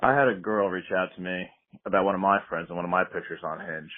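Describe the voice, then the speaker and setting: A man's voice: deep voice, fairly even intonation, fast. A man leaving a laid-back, friendly voicemail for a podcast as a caller. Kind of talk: voicemail message. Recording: tinny phone voicemail.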